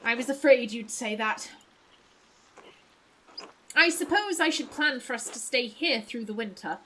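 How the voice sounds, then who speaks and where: A woman's voice: fairly high pitch, expressive, drawn-out words, bright, forceful tone, a little hiss or hum, heavily acted, low-quality recording. A woman voicing a courteous male traveling musician in a posh, formal way, for a narrative video game.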